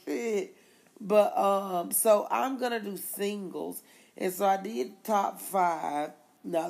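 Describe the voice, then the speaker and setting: Gravelly-voiced woman rambling about music. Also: deep voice, a little mellow. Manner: rambling, laughs often, quick asides. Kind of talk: casual chat about music.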